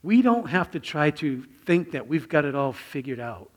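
A middle-aged male pastor tells a personal story from the pulpit. His voice sits a little high for a man, and he drops to a hush for quotes and reflection, then breaks out loud on key phrases. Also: very animated, moderate pace. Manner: storytelling, sudden swings from hushed to loud. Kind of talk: sermon.

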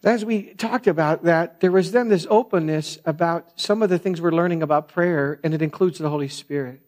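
A middle-aged man preaches in a casual, storytelling sermon style. He drifts into side points and keeps calling his listeners "man". His voice sits a little on the high side. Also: brisk, a little mellow. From France. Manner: chatty, digressive, says "man" a lot. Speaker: pastor.

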